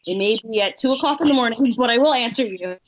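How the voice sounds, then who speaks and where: A woman's voice: fairly high pitch, fast talker, poor audio. A woman, a cosplayer guest, chatting casually in an interview, joking and laughing often.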